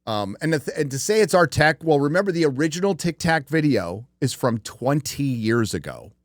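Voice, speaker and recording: A man's voice: fairly high pitch, big pitch swings, normal speed, no room sound, clean studio sound. A man hosting a livestream show, talking casually in a rambling, profane way with many fillers. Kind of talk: casual chat.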